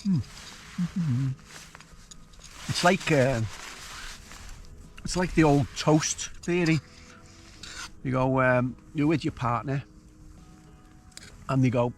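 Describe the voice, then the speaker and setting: A man's voice: medium pitch, takes it slowly, pauses often, faint music behind. A man chatting and musing aloud while he cooks and camps alone on a hilltop. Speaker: outdoor vlogger. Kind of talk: casual solo camping vlog. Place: hilltop wild camp outdoors.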